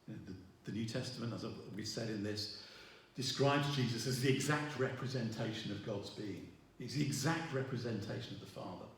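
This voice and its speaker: A man's voice: medium pitch, recorded from a distance. Man preaching in an echoey hall. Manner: halting, with many restarts and fillers. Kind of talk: sermon. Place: church hall. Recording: roomy echo, voice from afar.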